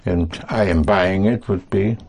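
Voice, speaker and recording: A man teaching a language lesson to students, speaking slowly and patiently, prompting and correcting them. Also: deep voice, creaky, a little mellow, husky. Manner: slow, patient, reassuring, repeats and corrects.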